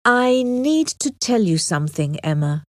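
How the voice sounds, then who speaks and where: Woman reading as a kind gentleman in love, storybook style, gentle and sincere, lively delivery, dry sound. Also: a little high, unhurried, no echo.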